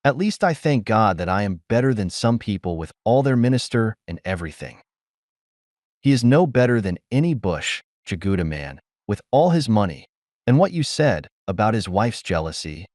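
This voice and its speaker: A man's voice: lowish voice, big pitch swings, normal speed, a little mellow, dry recording, studio quality. A man reading an audiobook, voicing an earnest, plain-spoken young woman who is a college student. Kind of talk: audiobook character voice.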